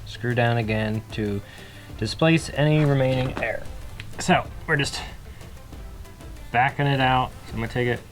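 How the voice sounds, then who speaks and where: A man casually talking through a do-it-yourself car repair, relaxed and self-deprecating, with plenty of fillers. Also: medium pitch, unhurried, pauses often, faint music behind. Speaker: DIY vlogger. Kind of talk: casual how-to narration.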